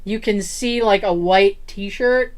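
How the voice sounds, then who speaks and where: A woman's voice: medium pitch, slow. A woman co-hosting a podcast, telling a story in casual chat, acting out what people said and laughing often. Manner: animated storyteller, acts out quotes, laughs often. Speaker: podcast co-host.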